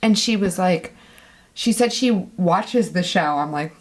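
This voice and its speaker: A woman co-hosting a casual podcast, chatty and quick to laugh, trading stories at a table. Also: on the low side, animated, a little hiss or hum. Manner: chatty, laughs easily, mimics others' voices. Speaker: podcast co-host. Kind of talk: casual chat. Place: indoor studio table.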